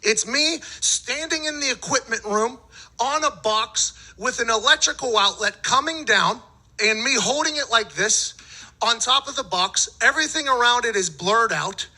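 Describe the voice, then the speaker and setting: A man's voice: very high voice, moderate pace, low-quality recording. A man and former football punter telling a story in casual chat, profane and laughing as he goes. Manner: profane, laughing, animated retelling.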